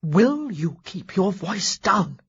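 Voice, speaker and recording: A woman reading as a brusque young gentleman. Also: medium pitch, sing-song, slow pace, breathy edge, dull audio, exaggerated voice. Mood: exasperated. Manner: curt, blunt statements.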